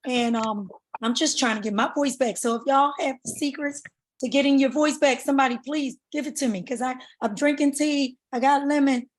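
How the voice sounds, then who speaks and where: Brief: chatty woman, hoarse from losing her voice, high pitch, rambling call remarks. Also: normal speed. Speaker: network marketing leader.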